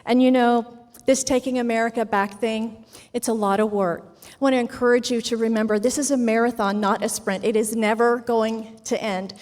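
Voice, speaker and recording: A woman's voice: a little high, fairly even intonation, normal speed, darkish tone. Earnest woman giving an encouraging stage speech. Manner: earnest and encouraging, faith-filled. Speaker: sponsor representative speaking at a summit. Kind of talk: motivational speech. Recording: long reverb of a large ballroom.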